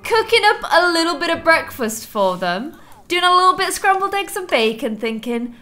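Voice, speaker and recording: A woman's voice: very high voice, normal speed. A young woman commentating a life-sim game, gasping and scolding the characters as she plays. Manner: animated, gasping, teasing asides to players. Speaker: let's play host. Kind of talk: casual gameplay commentary.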